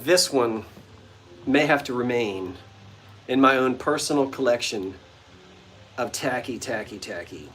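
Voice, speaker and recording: A man's voice: mid-range voice, measured pace, long pauses, fairly bright tone, slight background noise. A man hosting a casual livestream sale of vintage goods from his front porch, chatting playfully with viewers and greeting them by name. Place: front porch of an old bungalow.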